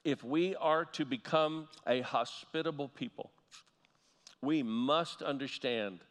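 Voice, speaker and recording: A man's voice: medium pitch, fairly bright tone. Male pastor preaching in a reverberant hall. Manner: storytelling, repeats key phrases slowly for emphasis. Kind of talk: sermon.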